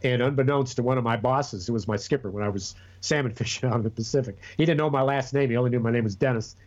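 A man's voice: medium pitch, fast talker, highs cut off. A man co-hosting a podcast in casual chat, rambling and profane with many restarts. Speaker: podcast co-host.

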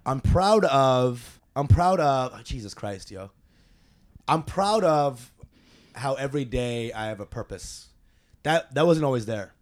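A young man, a comedian, talking casually and profanely on a podcast, animated and quick to joke. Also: mid-range voice.

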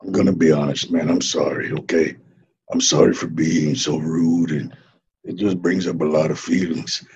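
A man playing a husky, laid-back ex-wrestler. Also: very deep voice, fairly even intonation, moderate pace, a little mellow, dull audio, exaggerated voice. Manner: laid-back, drawling, says "man" constantly. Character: laid-back Mexican ex-wrestler man who hatched from an egg. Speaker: interview guest. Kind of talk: improvised comedy interview.

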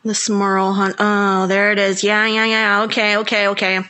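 A woman with a Southern US accent co-hosting a podcast in giggly, animated, casual chat. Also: medium pitch, moderate pace. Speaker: podcast co-host.

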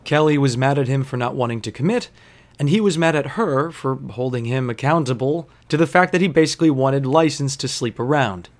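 A man's voice: mid-range voice, a little fast. A young man, a bartender, telling a story casually with lots of swearing and sarcasm. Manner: profane, animated, sarcastic.

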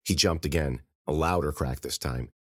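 A man narrating an audiobook in an expressive, animated reading style. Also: extremely low pitch, moderate pace, dry recording.

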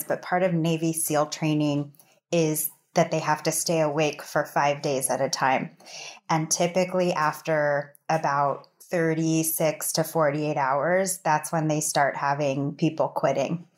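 A woman parent educator with a low voice, giving interview answers. She explains in a steady, encouraging way.

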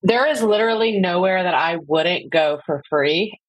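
A woman's voice: on the low side, normal speed, no room sound, rough recording. A woman in her forties chatting casually with her sister on a podcast, hesitating and laughing easily. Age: 40s. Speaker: podcast guest. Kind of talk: casual chat between sisters.

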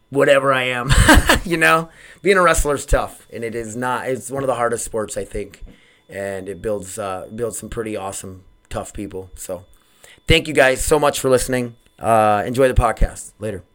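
A man's voice: mid-range voice, moderate pace, fairly bright tone. A man hosting his own podcast, talking casually and rambling, often losing his train of thought and poking fun at himself, recorded on a home microphone setup. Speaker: podcast host. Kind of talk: casual solo podcast monologue. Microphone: desk microphone.

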